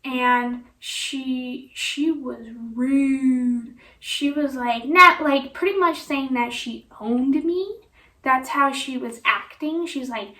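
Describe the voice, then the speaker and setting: A woman recounts a personal story for her vlog. Her voice is high and bright, and she rambles along at an unhurried pace with many fillers. The sound is echoey, as if she sits some distance from the mic in a bare room. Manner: rambling, full of "you know" and "like" fillers. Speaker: vlogger.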